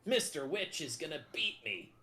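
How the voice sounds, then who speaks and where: A man's voice: fairly high pitch, big pitch swings, normal speed, pushed and bright, voice pushed up. A man voicing a timid, whiny male bugbear carnival worker who frets and pleads, in a tabletop game. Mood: fretful.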